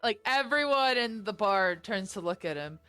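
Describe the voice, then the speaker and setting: A woman's voice: mid-range voice, lively intonation, moderate pace, pushed and bright, clean tone, faint music behind. A woman narrating as game master, casual and swearing a lot. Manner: casual, swearing, voices the figures. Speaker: dungeon master.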